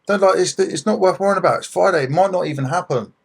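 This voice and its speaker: A man, a podcast guest in recovery, giving earnest advice in a husky voice, emphatic and swearing freely. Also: high voice, quick pace. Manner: emphatic, swears freely, repeats points for stress.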